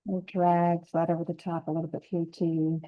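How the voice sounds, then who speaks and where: A woman giving a gentle, unhurried step-by-step painting lesson, talking through each brush stroke as she works. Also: on the low side, little pitch movement, lo-fi sound. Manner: gentle, unhurried, thinking aloud while painting. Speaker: painting instructor.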